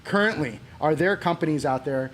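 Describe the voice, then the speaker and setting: A man's voice: fairly high pitch, brisk, a bit bright, a little hiss or hum. A man co-hosting a casual podcast who speaks in long, reflective, winding sentences and asks the guest questions. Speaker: podcast co-host. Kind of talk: casual chat.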